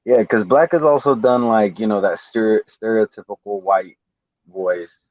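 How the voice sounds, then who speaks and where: Low-voiced man, dull dry audio. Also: normal speed, dry recording. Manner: relaxed, trails off and repeats himself while thinking. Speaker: podcast co-host. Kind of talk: casual chat.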